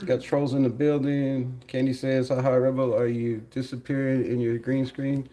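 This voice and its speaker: A man hosting a casual live stream, animated, laughing often and talking to his chat. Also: mid-range voice, normal speed.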